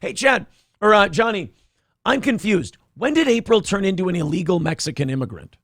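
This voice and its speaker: A man's voice: high voice, sing-song, brisk, fairly bright tone, no echo, studio quality. A man hosting a morning talk show, chatting casually with a sarcastic, mocking manner. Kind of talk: casual chat.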